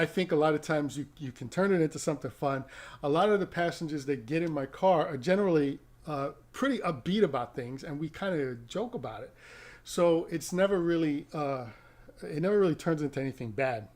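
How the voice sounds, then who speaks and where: A middle-aged rideshare driver tells the camera about his day, his voice a little high for a man and a little mellow. He rambles, restarts sentences and chuckles at his own stories in this casual storytelling.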